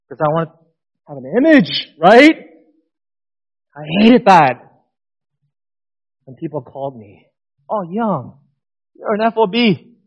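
Animated high-voiced male preacher. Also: rough recording. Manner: animated, swings from loud emphatic bursts to quiet intimate asides. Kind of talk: sermon testimony.

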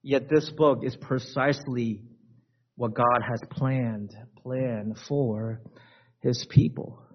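Speaking slowly in a mid-range voice with fairly even intonation, a male preacher delivers a chatty sermon. He repeats key phrases and checks in with the congregation, heard through a dull lo-fi recording.

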